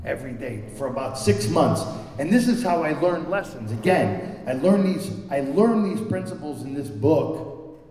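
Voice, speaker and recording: A man's voice: on the high side, lively intonation, moderate pace, warm tone, faint music behind. Man telling his story in an echoey hall. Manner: candid, self-deprecating, repeats words while searching. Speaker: recovery meeting speaker. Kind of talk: personal storytelling talk. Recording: echoey hall recorded from far off.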